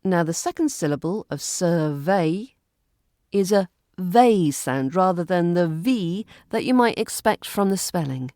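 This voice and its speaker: Slow, careful British woman accent coach. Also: lowish voice, animated, mellow, no echo, clean studio sound. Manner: slow, careful drilling of words and phrases. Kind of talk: pronunciation lesson.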